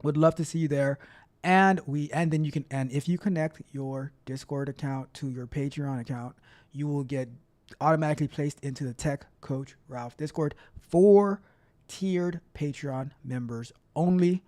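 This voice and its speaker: A man who is a livestream host and tech coach chats upbeat with his viewers on a casual tech stream, often repeating phrases and trailing off as he reads comments. His voice sits a little high with a darkish tone, at normal speed.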